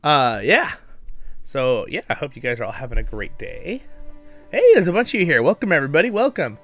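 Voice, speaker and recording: A man's voice: on the high side, sing-song, a little fast, a bit bright, soft background music. A man hosting a casual livestream, chatty and upbeat, greeting viewers by name and laughing often, with a bit of a morning voice. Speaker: livestream host.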